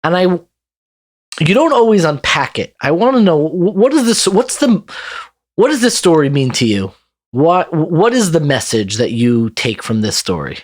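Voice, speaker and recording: A man's voice: a little high, big pitch swings, moderate pace, no echo, studio quality. A man hosting a podcast and asking a guest thoughtful, probing questions. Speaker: podcast host. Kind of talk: interview questions.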